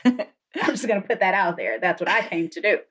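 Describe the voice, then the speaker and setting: An animated woman guest on a podcast, telling a story with lively energy and acting out the people in it. Her pitch is middling for a woman and leaps high when she mimics someone. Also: fast, slightly rough. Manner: animated, acts out quoted voices.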